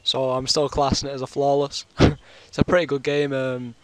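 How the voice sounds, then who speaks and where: A man's voice: mid-range voice, little pitch movement, normal speed, no echo. A British man with a sore throat, telling a long rambling story in casual chat over his gameplay. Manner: rambling, chatty, full of fillers. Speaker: gaming commentator.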